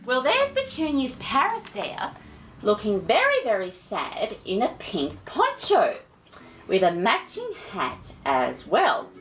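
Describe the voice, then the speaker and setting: Slow, sing-song woman reading a storybook. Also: fairly high pitch, huge pitch swings, fairly bright tone, slight background noise. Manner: theatrical, affectionate asides to listeners. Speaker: children's storyteller host. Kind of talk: children's picture book read-aloud.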